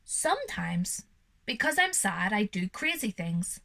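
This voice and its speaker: A young woman reads a storybook aloud to small children, her bright voice rising and falling with lively expression. She explains feelings in a gentle, reassuring way, as a teacher would. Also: medium pitch, unhurried, creaky. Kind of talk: reading a picture book aloud to children, with explanations.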